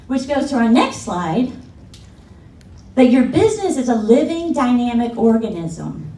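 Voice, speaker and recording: A middle-aged woman gives a keynote talk from the stage, with a high voice that swoops and leaps as she tells her story. She acts out the people she quotes and laughs along. The sound is roomy and distant, with a faint hum of the hall behind her. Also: darkish tone. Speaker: keynote speaker. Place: large conference hall. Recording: echoey hall from afar, faint room noise.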